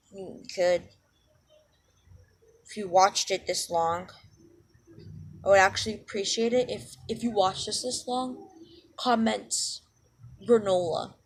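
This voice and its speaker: A woman chats loosely into a cheap headset for her vlog, her voice a little husky and breathy. She rambles, puts herself down and fills the gaps with ums and side-tracks. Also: medium pitch. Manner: rambling, self-deprecating, many fillers. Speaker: channel owner. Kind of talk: casual rambling vlog intro.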